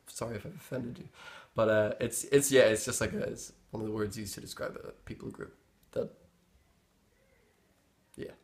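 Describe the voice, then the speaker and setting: A man's voice: fairly low pitch, fairly even intonation, normal speed, long pauses. A young man with a Northern Irish accent, explaining local slang in a rambling, easygoing way as he searches for words. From Northern Ireland. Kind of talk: casual explanation.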